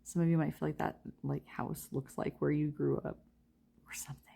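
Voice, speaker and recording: A young woman giving a casual tarot reading, chatty and quick to laugh as she talks straight to her viewers. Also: deep voice, little pitch movement, vocal fry, dark tone, husky. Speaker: tarot reader.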